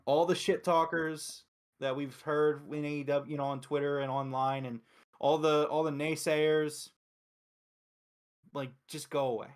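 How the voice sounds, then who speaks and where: A man from Philadelphia hosting a casual wrestling review show, talking excitedly and emphatically with frequent swearing. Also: a little high, a little slow. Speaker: host.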